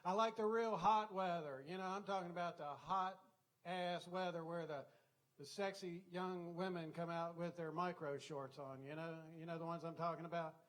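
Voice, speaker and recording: A man's voice: on the high side, steady tone, normal speed, a bit bright. An older man with a Southern US accent doing a folksy stand-up routine on a comedy club stage, full of chatty "you know" asides.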